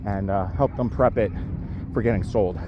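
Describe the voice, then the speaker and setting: Against a noisy background, a man with a lowish voice speaks at normal speed into his camera while walking his dog outdoors. A powerlifter vlogging his day, he's a bit out of breath from the uphill walk and rambles with lots of fillers.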